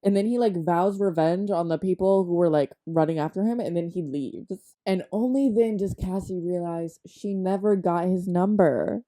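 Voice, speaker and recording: A woman's voice: fairly low pitch, moderate pace, hardly any pauses, warm tone. A woman recapping a book in a comedic, sarcastic, chatty way, full of exaggerated asides.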